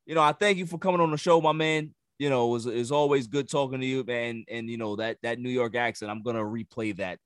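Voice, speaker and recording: A man's voice: mid-range voice, fast, hardly any pauses, clear, resonant tone, dry recording, clean studio sound. A man hosting a sports podcast, ranting emphatically and repeating words as he builds each point. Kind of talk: casual sports talk.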